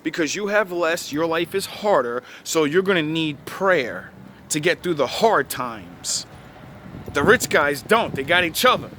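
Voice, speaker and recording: His voice is fairly high, expressive and bright with a pushed quality, and he keeps a measured pace. This young video creator rants bluntly and preachily about motivation, cursing heavily, in a noisy recording made outside by a street.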